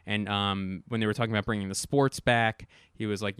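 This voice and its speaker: Profane rambling man, smooth dry voice. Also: lowish voice, steady tone, fairly quick, few pauses, fairly bright tone, no room sound. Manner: rambling, profane, self-mocking. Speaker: podcast host. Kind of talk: casual comedic monologue.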